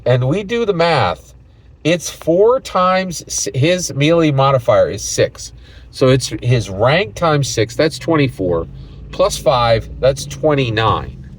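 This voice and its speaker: A man's voice: mid-range voice, big pitch swings, takes it slowly, poor audio. A man working as game master, chatting casually through a recap of a tabletop game session with lots of "right?" asides. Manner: rambling, chatty, keeps asking "right?".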